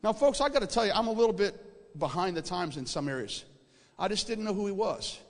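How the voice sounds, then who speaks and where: Recounting a dream as part of a sermon, a man speaks briskly in a voice that sits high, the reverberant hall echoing around him. He tells it in a lively storytelling manner, repeating words to stress them and checking in with his audience.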